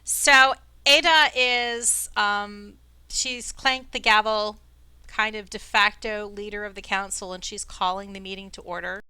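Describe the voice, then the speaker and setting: Bright-voiced woman game master. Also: mid-range voice, unhurried, clean tone, no echo. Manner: chatty and animated. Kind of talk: narrating a tabletop game.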